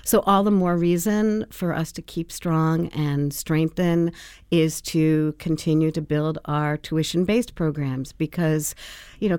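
Low-voiced woman, radio interview guest. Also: no room sound, clean studio sound. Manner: warm, hesitant with many fillers. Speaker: executive director of a language school, guest.

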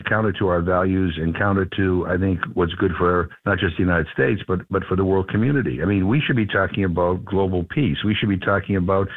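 A man with a deep, low voice speaks over a thin, tinny phone line. He talks earnestly and with emphasis, often restarting his sentences, like a lawmaker called in to a radio show. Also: brisk, hardly any pauses, a little hiss or hum. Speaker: congressman guest.

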